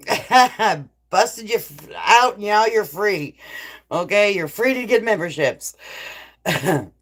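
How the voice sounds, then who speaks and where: Slow, laughing, cussing woman on a livestream. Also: medium pitch, lively intonation. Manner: laughs often, swears freely, slow drawl. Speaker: livestream host. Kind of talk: casual live chat reading comments.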